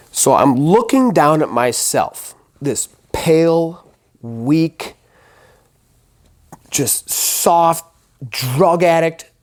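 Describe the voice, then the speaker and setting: Slow, intense man telling his story. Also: medium pitch. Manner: intense, profane, emphatic, repeats and restarts phrases. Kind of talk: personal testimony.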